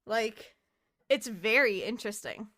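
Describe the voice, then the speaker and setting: A woman's voice: a little high, animated, measured pace, pushed and bright, dry recording, studio quality. A young woman co-hosting a podcast, chatting casually, laughing often and swearing freely. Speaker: podcast co-host. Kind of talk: casual chat.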